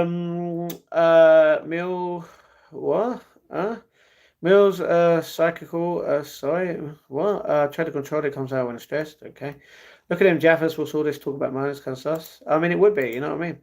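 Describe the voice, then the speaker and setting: A young man hosting a casual livestream, chatting loosely and replying to viewers' comments one after another. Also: fairly high pitch. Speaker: livestream host reading chat.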